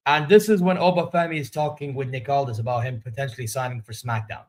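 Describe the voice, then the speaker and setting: Giving rambling, opinionated, candid takes, a man runs a wrestling reaction channel. He speaks fast in a mid-range voice.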